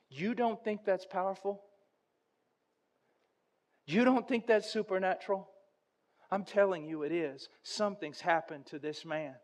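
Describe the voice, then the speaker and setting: Impassioned high-voiced male preacher. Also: normal speed. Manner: impassioned, builds to near-shouting intensity. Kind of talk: sermon with storytelling.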